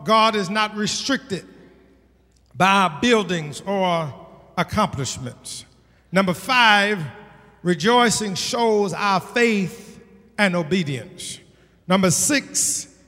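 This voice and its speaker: High, bright-voiced preaching pastor. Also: male voice, in a large hall. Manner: emphatic preaching, repeats lines and builds to shouts. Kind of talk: sermon. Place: church sanctuary.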